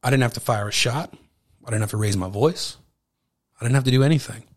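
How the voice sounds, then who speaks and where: A man hosting a podcast, telling a personal story in a casual, animated way, with occasional swearing and acted-out dialogue. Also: medium pitch, quick pace. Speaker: podcast host.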